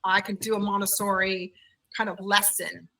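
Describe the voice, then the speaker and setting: A woman who owns a childcare center, telling her story in an animated conversational way in an interview. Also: medium pitch, moderate pace, vocal fry, far from the mic, low-quality recording. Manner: animated, acts out quoted voices.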